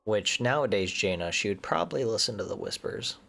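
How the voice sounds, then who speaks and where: A man's voice: lowish voice, lively intonation, brisk, vocal fry, bright, forceful tone. A man giving casual commentary as he plays a game, chatting and thinking aloud, sometimes muttering nervously under his breath. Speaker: gaming streamer.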